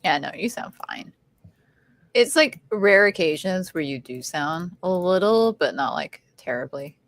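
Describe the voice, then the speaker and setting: A woman's voice: fairly low pitch, lively intonation, unhurried, no echo. A woman co-hosting a casual livestream chat, answering with short reactions. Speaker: livestream co-host.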